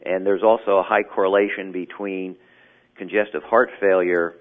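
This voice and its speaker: A man explaining sleep medicine as an interview guest, measured and clinical. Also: sits low, fairly even intonation. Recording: tinny phone line.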